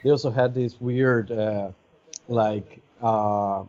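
A man's voice: fairly low pitch, fairly even intonation, takes it slowly, mellow. Chatty man explaining on a lo-fi podcast. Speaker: podcast co-host. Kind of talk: casual chat. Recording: dull lo-fi podcast audio.

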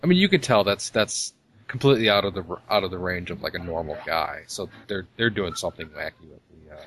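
A man co-hosting a podcast, explaining things in a relaxed, casual way. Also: low-pitched, fast talker. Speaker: podcast co-host. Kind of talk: casual chat.

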